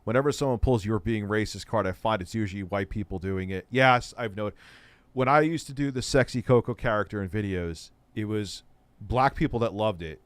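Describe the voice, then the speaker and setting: A man's voice: fairly low pitch, fairly quick, no echo. A man hosting an online show, giving casual, sarcastic commentary on clips. He sounds exasperated and swears freely. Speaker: host.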